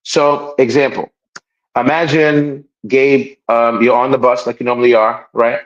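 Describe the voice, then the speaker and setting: Man, mid-pitched voice, podcast co-host, casual chat, emphatic, repeats himself. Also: flat delivery, measured pace, dull audio. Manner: acts out quoted people in raised voices.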